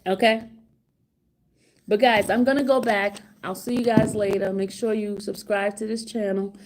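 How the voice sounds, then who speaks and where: A middle-aged woman vlogging casual commentary outside a courtroom, excited and laughing, repeating herself. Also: mid-range voice, moderate pace, a little hiss or hum. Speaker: trial vlogger. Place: outside a courtroom, hallway area.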